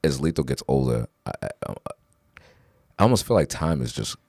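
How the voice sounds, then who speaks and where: A man in his thirties co-hosting a podcast, telling candid stories in casual, animated conversation. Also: a bass voice, moderate pace, dry recording, clean studio sound. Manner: animated storyteller, swears casually. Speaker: podcast co-host.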